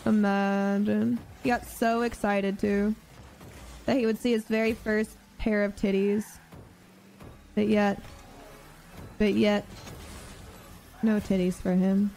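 Gravelly woman streamer roasting chat. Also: medium pitch, flat delivery, slow pace, pauses often, a little mellow, poor audio. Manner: crude mocking banter.

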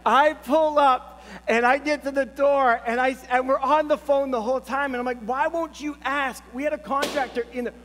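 High-voiced male pastor telling a funny story. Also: moderate pace, few pauses. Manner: storytelling, lively and humorous. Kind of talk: sermon with a personal story. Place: church sanctuary. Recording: long church reverb, faint hum.

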